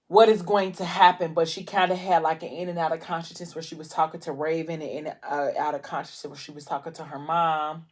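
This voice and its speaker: A woman's voice: low-pitched, a little mellow. A woman vlogger retelling a novel's plot in a casual, emotional way, with lots of fillers. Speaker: book vlogger. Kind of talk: casual book recap while eating.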